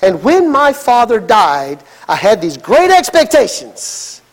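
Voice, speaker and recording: A male pastor preaches dramatically, breaking into sudden emphatic outbursts. His voice sits unusually high for a man. The sermon rings through a large church hall with a long echo. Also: huge pitch swings, slow pace.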